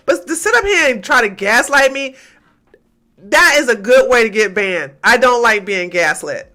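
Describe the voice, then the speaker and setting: On a casual livestream, a woman from Georgia in the US talks to her chat in a fairly high voice at a moderate pace. She's animated and emphatic, veering between loud outbursts and quiet muttering.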